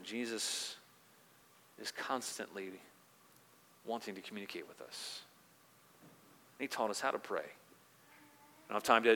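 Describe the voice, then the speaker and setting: Earnest preacher in a reverberant hall. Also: male voice, mid-range voice. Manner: earnest, rises in volume when quoting scripture and drops soft on reflective points. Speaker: pastor. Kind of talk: sermon.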